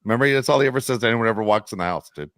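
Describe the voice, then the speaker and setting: A man's voice: mid-range voice, racing, a bit bright, dry recording, clean studio sound. A man co-hosting a podcast, ranting heatedly in casual talk and swearing often. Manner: heated, profane, repeats "dude". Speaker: podcast co-host.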